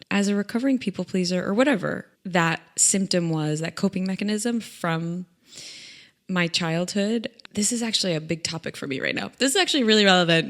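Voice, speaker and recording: A young adult woman hosts a podcast, laughing often as she shares funny personal stories in a chatty, self-deprecating style. Her voice is lowish and a bit bright.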